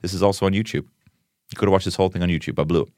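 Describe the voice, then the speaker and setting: A man's voice: sits low, fairly even intonation, racing, noisy background. A man hosting a comic solo podcast, rambling and self-mocking, with frequent swearing. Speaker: podcast host.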